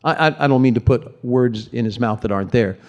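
A man's voice: medium pitch, a little fast, darkish tone, dull audio. A man preaching a sermon in a conversational, emphatic way, often repeating words for stress.

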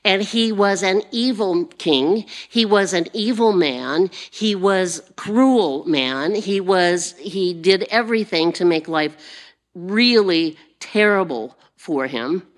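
A woman preaching a sermon in an unhurried, repetitive way with fillers and restarts. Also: lowish voice, lively intonation.

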